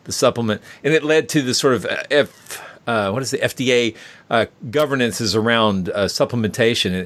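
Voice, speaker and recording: A man's voice: lowish voice, a bit bright. A man hosting a casual podcast chat, sharing trivia in a chatty way.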